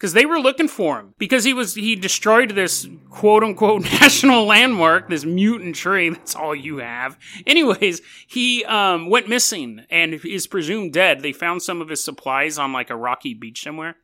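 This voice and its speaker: A man's voice: sits high, normal speed, hardly any pauses. A man hosting a casual storytelling podcast, joking and laughing often as he talks. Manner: laughs often, jokey and animated. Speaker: podcast host.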